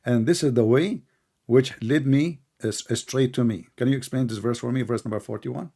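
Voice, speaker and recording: Gravelly guy hosting a live debate, slow careful non-native english, mocking, keeps cutting in. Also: medium pitch, mellow. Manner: combative, mocking, keeps interrupting; slow, deliberate speech with non-native grammar. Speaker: debate host.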